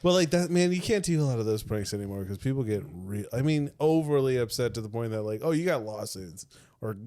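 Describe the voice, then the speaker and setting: A man co-hosting a podcast, chiming in with short, relaxed remarks during casual chat. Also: mid-range voice, fairly quick, no room sound. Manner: short interjections and relaxed asides. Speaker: podcast co-host.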